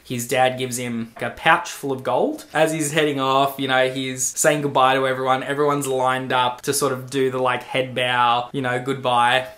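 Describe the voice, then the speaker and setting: A man's voice: medium pitch, flat delivery, moderate pace, few pauses, bright, forceful tone. Aussie guy doing a laid back sweary movie recap, keeps cracking himself up. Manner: swears freely, laughs while retelling. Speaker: movie reviewer. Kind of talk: casual spoiler recap.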